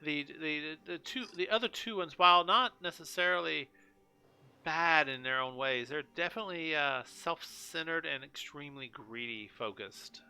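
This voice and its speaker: Bright, clear-voiced game master. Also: male voice, fairly high pitch. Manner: halting, many restarts and fillers. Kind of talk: narrating a tabletop game on a live stream.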